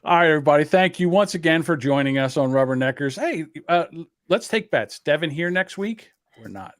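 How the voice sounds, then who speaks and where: A man's voice: fairly high pitch, expressive, brisk, no room sound, clean studio sound. A man hosting a podcast, chatting casually and joking, with loose restarts. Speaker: podcast host. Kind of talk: casual chat.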